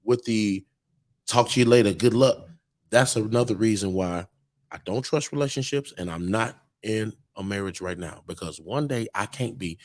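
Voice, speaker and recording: In a bar, a male podcast co-host with a fairly low, darkish voice speaks at a moderate pace. His casual talk is full of slang as he gives blunt, preachy relationship advice.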